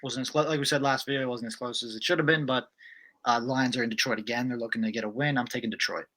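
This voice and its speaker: A man co-hosting a casual football picks show, brisk and decisive as he moves through each game. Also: mid-range voice, fairly even intonation, bright, forceful tone. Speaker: co-host. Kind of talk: casual sports picks chat.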